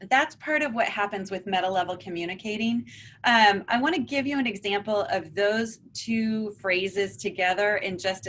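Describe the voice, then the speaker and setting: Woman, counselor, talk to parents, calm and conversational, mid-pitched voice, faint background noise. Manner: calm, conversational explaining with acted example dialogues. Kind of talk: informal talk to a parent forum.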